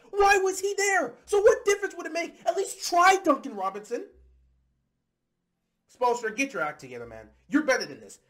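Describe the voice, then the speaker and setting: Furious high-voiced man ranting about basketball. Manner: heated, exasperated, shouting bursts. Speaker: sports commentator. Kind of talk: angry fan rant.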